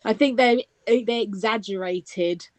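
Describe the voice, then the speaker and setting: A woman's voice: medium pitch, takes it slowly, dry recording. A woman co-hosting a casual film review chat, laughing easily and moving the talk along. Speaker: podcast co-host.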